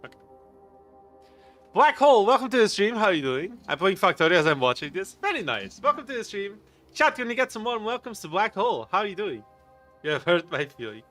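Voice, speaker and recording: Bright-voiced, giggly game streamer guy. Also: high voice, sing-song, a little fast, soft background music. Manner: laughs often, greets chat viewers by name; playful, rambling, jokey. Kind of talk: casual live stream chat while gaming.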